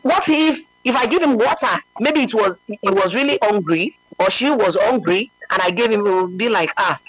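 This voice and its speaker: High-voiced man teaching earnestly. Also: moderate pace, a bit bright, dry recording, low-quality recording. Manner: earnest, emphatic, often asks "you understand?". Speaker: religious speaker. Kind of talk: conversational religious teaching.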